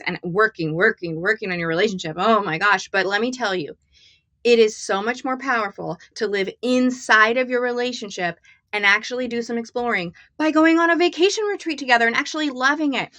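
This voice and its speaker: A woman's voice: medium pitch, no room sound. A woman co-hosting a casual live morning chat with her husband, talking about relationships and telling stories with frequent laughter. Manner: animated storyteller, laughs often. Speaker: co-host. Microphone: live stream mic.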